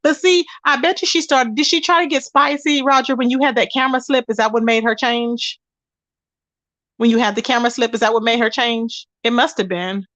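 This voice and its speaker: A chatty woman hosts a live stream, gossiping and answering her chat with pet names like baby and child. Her voice sits a little high, and the sound is dry and close, with no room around it. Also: fairly quick, no echo. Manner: animated and chatty, calls viewers "baby" and "child". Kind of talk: casual gossip commentary.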